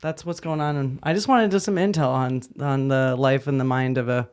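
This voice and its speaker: A woman's voice: a bass voice, fairly even intonation, brisk, darkish tone. Wry, self-mocking woman hosting a chat. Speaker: podcast host. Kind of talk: casual chat.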